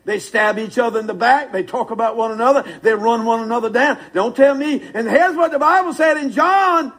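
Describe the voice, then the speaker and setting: High-voiced husky preacher. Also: male voice, a little fast, fairly bright tone, low-quality recording. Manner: fervent, folksy preaching with call-and-response. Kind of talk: sermon.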